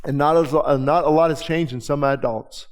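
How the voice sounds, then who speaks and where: A pastor preaching a sermon, reading scripture slowly and then explaining it in quick, conversational asides. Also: male voice, on the high side, steady tone, clear, resonant tone. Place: church.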